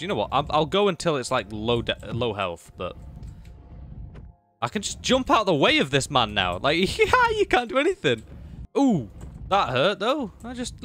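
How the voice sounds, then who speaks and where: A young man narrates his game as he plays, excitable and chatty, talking straight to the creatures on screen. His slightly high voice swoops widely, from low mutters up to sudden yelps. Faint music plays behind him. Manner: excitable, talks to enemies and pets, swings from low mutters to high exclamations. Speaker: gaming YouTuber. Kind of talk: live gameplay commentary.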